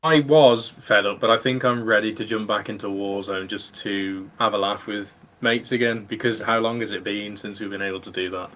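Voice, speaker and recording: A man's voice: fairly low pitch, fairly even intonation, normal speed, few pauses, a bit bright, poor audio. A man in his thirties from the UK, hosting a casual gaming podcast with friends, chatty and rambling, laughing often. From United Kingdom. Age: 30s. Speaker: podcast host. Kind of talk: casual chat among friends.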